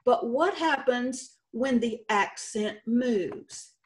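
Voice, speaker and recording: A woman contest director giving a slow, deliberate instructional talk on spelling rules. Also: on the high side. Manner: slow, deliberate teacherly explanation. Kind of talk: instructional presentation.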